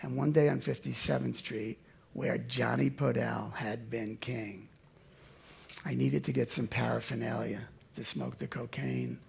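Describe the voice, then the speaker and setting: Older man, gravelly, husky, animated storyteller, loud then hushed. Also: medium pitch, a little slow. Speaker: speaker telling his life story to an audience. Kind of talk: storytelling talk.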